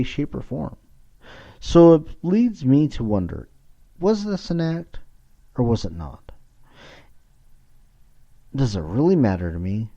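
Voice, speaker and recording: A man's voice: lowish voice, dark tone. A man around forty hosting a podcast, giving a blunt, profane casual monologue. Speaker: podcast host. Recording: dull lo-fi recording.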